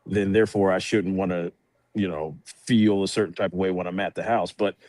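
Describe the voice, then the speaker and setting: A man's voice: sits low, steady tone, brisk, a little mellow, no echo. A man who works in aviation, talking in easygoing, thoughtful podcast chat. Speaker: podcast guest, works in air traffic.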